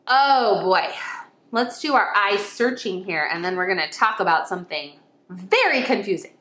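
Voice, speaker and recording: A woman's voice: medium pitch, expressive, moderate pace, sharp tone, reverberant. A woman teaching kindergarten children in an online lesson, exclaiming and sing-song as she talks to them as friends.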